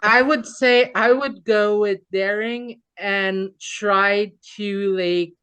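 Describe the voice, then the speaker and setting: Woman player, english not her first language, talks slow and playful. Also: medium pitch, fairly bright tone, clean tone. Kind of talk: casual tabletop play.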